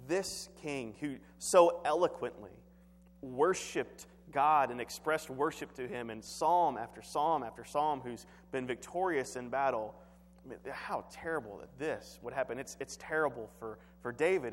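A man preaching a sermon, reading scripture aloud and then explaining it in an earnest, deliberate way with halting repetitions. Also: medium pitch, slight background noise. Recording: long hall reverb.

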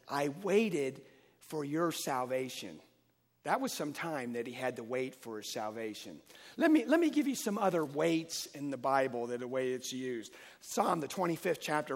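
A man preaching a Sunday-morning sermon, emphatic and rising and falling in loudness as he reads and explains scripture. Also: on the high side, gravelly, in a large hall. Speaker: pastor.

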